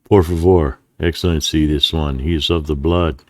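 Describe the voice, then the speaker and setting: Covetous army colonel, polite coaxing manner, deep dry voice, as a man reads him. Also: moderate pace, no room sound. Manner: courteous, flattering and wheedling. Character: smooth, greedy Mexican cavalry colonel, adult man.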